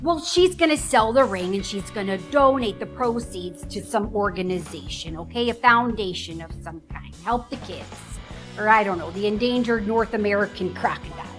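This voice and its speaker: A woman's voice: medium pitch, expressive, normal speed, faint music behind, natural voice. A woman playing a stubborn housewife who firmly scolds a relative over a long-distance phone call. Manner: firm, scolding, exasperated.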